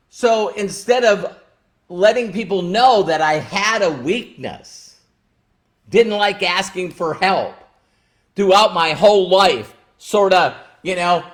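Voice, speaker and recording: An emotional, emphatic man talks to viewers in a live stream, his voice sitting high and swinging widely in pitch. He takes his time, drawing words out and hammering home phrases through repetition. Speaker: livestream host. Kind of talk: motivational live-stream talk.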